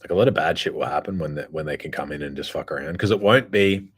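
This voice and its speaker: A man's voice: very deep voice, fast, slightly rough. A man talking in a casual, rambling monologue, blunt and profane, full of fillers and restarts. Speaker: podcast host.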